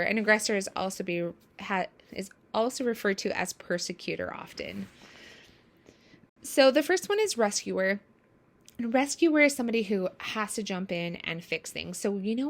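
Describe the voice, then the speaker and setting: Woman teaching, acting out quoted examples. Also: medium pitch. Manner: acts out quoted examples with lively shifts in voice. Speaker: coach. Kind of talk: casual explanatory teaching.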